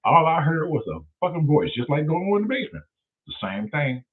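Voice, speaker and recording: A man hosting his own show, telling stories in a profane, animated way. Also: a little high, a little fast, slight background noise. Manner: profane, animated, loud storyteller. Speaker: show host. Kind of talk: casual livestream storytelling. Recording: tinny phone-like sound.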